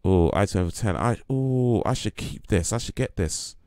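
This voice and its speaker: Deep creaky-voiced man streaming a game. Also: expressive, normal speed, darkish tone, no echo, clean studio sound. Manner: rambling, lots of fillers, joking. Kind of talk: casual live-stream chat.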